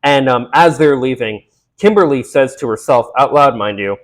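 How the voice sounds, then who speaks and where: A man's voice: medium pitch, lively intonation. A man casually recapping a film, rambling with fillers and restarts, and briefly acting out the characters' lines. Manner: acts out characters' lines in quick voices. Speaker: movie recap host.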